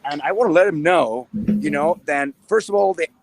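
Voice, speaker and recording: A man roving an outdoor farmers market for a live show, talking excitedly as he walks. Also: fairly high pitch, moderate pace, gravelly, dry recording. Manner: excited, talks while walking. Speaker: roving reporter. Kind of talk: live on-location chat.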